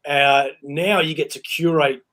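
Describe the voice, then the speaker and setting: High-voiced man telling animated stories. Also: a little slow. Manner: animated storyteller, laughs often. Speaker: host. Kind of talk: casual chat.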